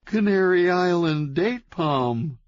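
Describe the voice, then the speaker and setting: A man's voice: high-pitched, no room sound, voice pushed up. A man doing a dazed man in shock. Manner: flat, robotic, slow. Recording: dull, lo-fi, dry.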